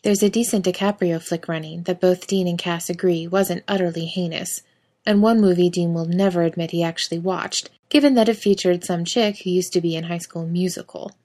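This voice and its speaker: A woman reads a story aloud with a slightly low voice. Her narration is soft and even, and she speaks the quoted lines gently rather than fully acting them. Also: brisk. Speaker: fan fiction reader. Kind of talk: audiobook-style story reading.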